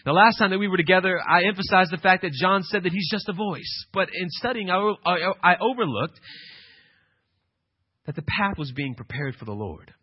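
A male pastor preaching an emphatic sermon, swinging from quiet passages to loud, insistent ones. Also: sits high, lively intonation, normal speed, husky, no echo, muffled recording.

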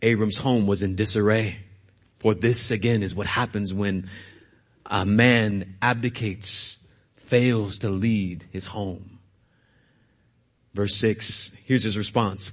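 A man's voice: lowish voice, steady tone, slow, long pauses. A male pastor preaching a sermon, retelling scripture expressively.

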